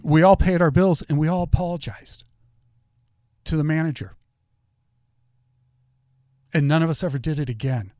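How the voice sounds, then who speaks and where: A man's voice: fairly high pitch, moderate pace, long pauses, mellow, no room sound. Opinionated man hosting a commentary show, dry sound. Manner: opinionated, conversational storytelling. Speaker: political commentary show host. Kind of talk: solo political commentary.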